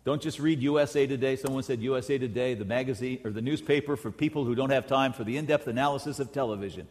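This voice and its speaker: A middle-aged man preaching a sermon as a pastor, emphatic, rising to loud peaks and dropping to quiet asides. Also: mid-range voice, quick pace, slight background noise. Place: large church sanctuary. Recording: long hall reverb in a large church.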